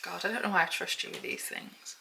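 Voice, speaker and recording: A woman's voice: fairly low pitch, steady tone, brisk, bright, forceful tone, poor audio. A woman with a Northern English accent chatting casually to camera in her home kitchen. She laughs easily and sounds mock-outraged about small things. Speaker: vlogger. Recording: clear background noise at home.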